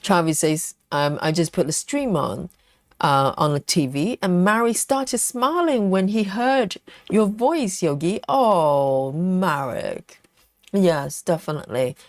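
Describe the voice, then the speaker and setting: A woman with a fairly low voice chats casually on a live stream, reading out viewer comments and answering each one. The sound is close and dry, with no room echo. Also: animated, takes it slowly. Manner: chatty, reads comments aloud and answers them.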